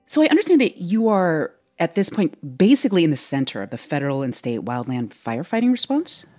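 Interviewer, inquisitive, very lively intonation. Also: mid-range voice, a little fast. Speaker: news host.

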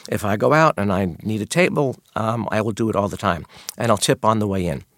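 Low-voiced man telling restaurant stories. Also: brisk, fairly bright tone, dry recording. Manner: candid storyteller, acts out customer exchanges. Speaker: guest, restaurant maitre d'. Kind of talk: radio interview conversation.

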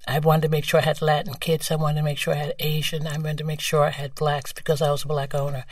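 A woman in her seventies with a New York accent, a guest telling frank, lively stories and laughing easily. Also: low voice, fast talker, no echo, studio quality, recorded from a distance. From New York, USA. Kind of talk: candid storytelling conversation.

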